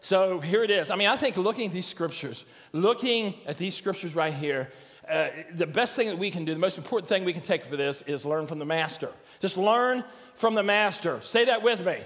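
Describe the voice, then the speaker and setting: A man's voice: high-pitched, lively intonation, fairly quick, a bit bright. An older man preaching a sermon as pastor, conversational and joking as he tells stories. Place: church sanctuary. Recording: church hall reverb.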